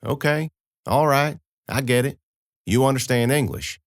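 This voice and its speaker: Audiobook role: a plainspoken, kind young farm woman with a folksy drawl, voiced by a man lifting his pitch, dry studio sound. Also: measured pace, dry recording, natural voice. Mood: coaxing.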